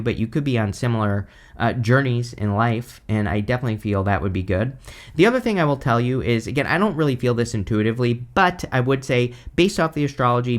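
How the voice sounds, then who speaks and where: A man giving a casual weekly tarot reading, talking loosely with lots of "uh" and "right?" asides. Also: medium pitch. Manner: conversational, frequent "uh" and "right?" tags. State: has the hiccups. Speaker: tarot reader.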